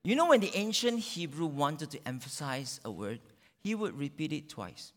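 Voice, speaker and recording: A male pastor preaching a sermon, dramatic, with sudden loud peaks and drawn-out phrases. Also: a little high, big pitch swings. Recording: long reverb of a large hall.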